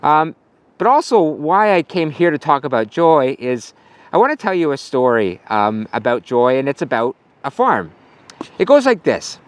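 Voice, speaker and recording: A man's voice: on the high side, sing-song, normal speed, clear, resonant tone, no room sound. A male pastor giving a casual sermon outdoors at a farm, telling a story with some fillers.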